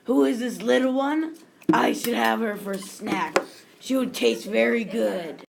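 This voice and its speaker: A woman voicing a huge, boastful, hungry male monster who makes slow, repetitive threats. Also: fairly high pitch, vocal fry, noisy background. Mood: menacing.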